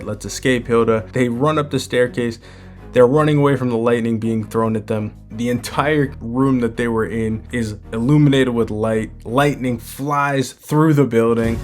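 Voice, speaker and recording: A man's voice: mid-range voice, a little mellow. A man hosting a manga breakdown in a casual commentary style, using plenty of "like" and "you know".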